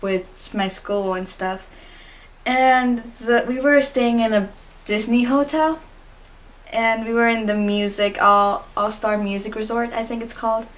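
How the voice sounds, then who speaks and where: A woman's voice: fairly high pitch, fairly even intonation, measured pace. A teenage girl in a casual vlog monologue, answering fan questions in a chatty, giggly, gushing way with lots of fillers. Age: teens.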